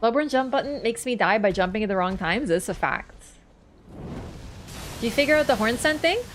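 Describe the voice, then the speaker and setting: A woman's voice: a little high, lively intonation, moderate pace, soft background music. A young woman streaming a game, chatting casually and answering her chat in a playful way.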